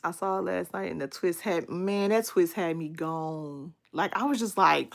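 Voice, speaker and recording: A young adult woman chatting casually with viewers during a livestream, animated and talkative, thanking people by name and sliding into baby talk with her son. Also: lowish voice, moderate pace, creaky, few pauses. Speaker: livestream host.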